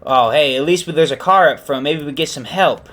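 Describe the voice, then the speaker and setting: A man's voice: on the high side, moderate pace, a bit bright, pitched above the performer's own voice, natural voice. A man voicing a flustered father who sputters and grumbles. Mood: exasperated. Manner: sputtering, exasperated.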